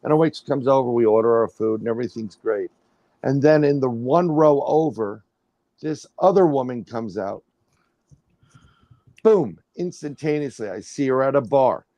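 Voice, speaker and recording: Dull audio with no echo carries a middle-aged man's mid-range voice at a moderate pace. He is a paranormal researcher guesting on a livestream, telling a rambling, animated story where he restarts often and imitates what people said.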